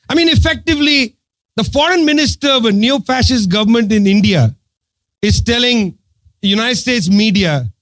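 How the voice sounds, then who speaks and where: A man's voice: extremely high pitch, lively intonation, normal speed, fairly bright tone, no echo. A man giving an impassioned political talk to an audience, sarcastic and emphatic, driving his points home through repetition. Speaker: political speaker addressing an audience.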